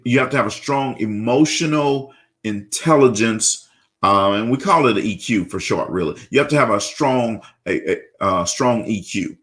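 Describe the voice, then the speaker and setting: A man's voice: mid-range voice, fairly bright tone. A man hosting a leadership talk show on the radio, who speaks straight to his listeners in a preachy tone and often repeats words while searching for the right phrase.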